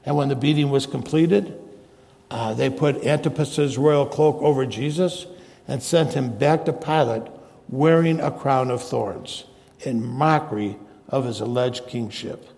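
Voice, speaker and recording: Guy preaching a sermon, low mellow voice with some gravel, big echoey hall. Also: a little slow. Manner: expository Bible teaching, paraphrasing scripture.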